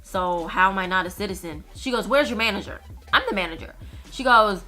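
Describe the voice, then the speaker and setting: Young woman, from Minnesota, bright forward voice, blunt story-time delivery with swearing. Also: mid-range voice, brisk. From United States (Minnesota). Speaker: nail technician and vlogger.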